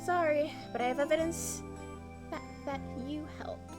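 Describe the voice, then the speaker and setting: An earnest, slightly flustered young defense lawyer from a game, voiced by a woman reading along. The voice sits high and light. Background music plays steadily beneath the lines. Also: normal speed, natural voice. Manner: reading game dialogue aloud, mild and earnest.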